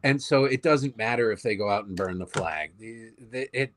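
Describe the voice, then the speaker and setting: A man appearing as a guest commentator, talking in a sarcastic, profane, animated way in casual political chat. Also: lowish voice, moderate pace, slight background noise.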